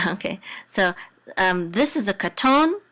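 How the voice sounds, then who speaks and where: Slow-paced woman teaching Hebrew. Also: medium pitch, expressive, a bit bright. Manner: patient, explains slowly with many fillers. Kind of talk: teaching biblical Hebrew reading.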